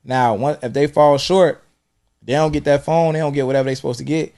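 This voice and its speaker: Laid-back former teacher with AAVE. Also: male voice, fairly high pitch, a little fast. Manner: relaxed, storytelling, acts out yelling. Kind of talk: casual podcast chat.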